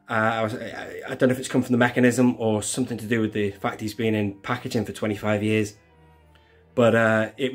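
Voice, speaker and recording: A man's voice: medium pitch, slightly rough. A man hosting his own channel, talking through a hands-on toy tutorial in a chatty, rambling way that keeps correcting itself. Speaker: toy collector channel host.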